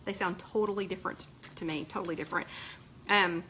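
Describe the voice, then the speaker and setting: Fairly low-pitched and steady in tone, this Southern-accented woman speaks fairly quickly as host of a weight-loss group live chat, going through viewer comments. Her casual talk is full of ums, restarts and warm asides, and she sounds a bit tired. The audio is poor, with a little hiss or hum.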